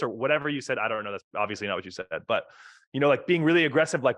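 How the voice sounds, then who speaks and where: A man hosting a podcast in casual conversation, animated and swearing freely as he tells stories. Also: mid-range voice, very fast, no room sound, clean studio sound. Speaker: podcast host.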